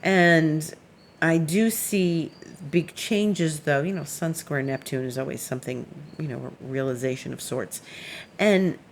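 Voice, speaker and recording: A woman's voice: low-pitched, measured pace, slight background noise. A woman astrologer giving a casual weekly forecast, chatty and meandering, who laughs while telling stories.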